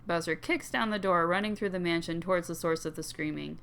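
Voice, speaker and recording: A woman reads a visual novel aloud, narrating the scenes and tossing in playful, giggly asides. Her voice sits a little low, with a gravelly fry running through it. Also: brisk, fairly bright tone. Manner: playful, giggly, does voices half-heartedly. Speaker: video game streamer reading a visual novel aloud. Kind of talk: reading game dialogue and narration aloud with commentary.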